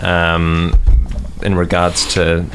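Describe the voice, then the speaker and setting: A man's voice: sits low, completely flat delivery, extremely slow, fairly bright tone, a little hiss or hum. A man in casual podcast chat, hesitant and full of ums as he asks a question.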